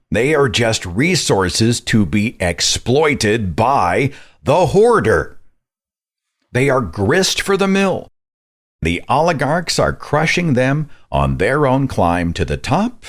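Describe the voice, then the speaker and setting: A man hosting a podcast, giving indignant, sarcastic commentary and mocking the views he criticizes. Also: low-pitched. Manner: sarcastic, indignant, mocks others' voices. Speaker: podcast host. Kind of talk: opinionated commentary.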